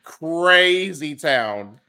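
Animated, higher-voiced male podcast co-host. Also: smooth. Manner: animated and joking, quick to laugh. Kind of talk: casual gaming podcast chat.

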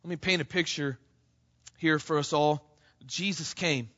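High bright-voiced man preaching. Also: measured pace, muffled recording. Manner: impassioned, rising to near shouts on quoted cries; addresses congregation as "church", frequent "right?". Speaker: pastor. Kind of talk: sermon.

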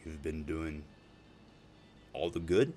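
A man's voice: rumbling low, slow pace, dark tone, a little hiss or hum. A middle-aged man rambling in a profane, emotional personal video message to his family, laughing and tearing up. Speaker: father speaking to family.

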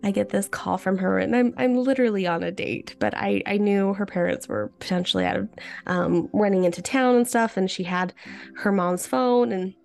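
A podcast host speaks straight to her listeners in a casual, chatty teaching conversation, often restarting sentences and using fillers. Her medium-pitched voice is a little mellow with some vocal fry, at a moderate pace.

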